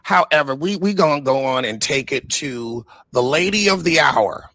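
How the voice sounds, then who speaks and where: A man from the Bronx, New York hosts a reaction show, responding to an interview in a casual, mocking way and swearing freely. His voice is a little high, expressive, and fairly bright, at a normal speed. It's a dry, studio-quality recording.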